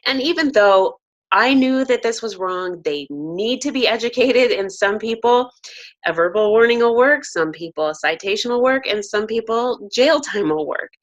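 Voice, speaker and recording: A woman's voice: a little high, animated, moderate pace, highs cut off. A woman hosting a talk show, speaking earnestly and often affirming her guest. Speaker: host.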